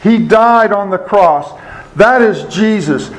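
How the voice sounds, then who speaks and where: Male preacher teaching scripture; high pitch, unhurried delivery, asks and answers his own questions. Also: expressive, poor audio. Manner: asks the audience questions and answers them himself; repeats key words for emphasis. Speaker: Bible teacher. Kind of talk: sermon.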